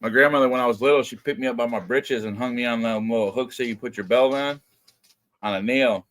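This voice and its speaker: A man co-hosts a casual chat, breaking in with his own memories and chuckling along. His voice sits at an ordinary middle pitch. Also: fast talker, fairly bright tone.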